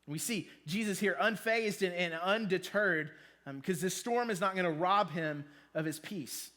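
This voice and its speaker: Man in his thirties, casual youth preacher, high voice, chatty and joking. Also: normal speed, sharp tone. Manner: casual, joking, with many ums. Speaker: youth pastor. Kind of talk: sermon to students.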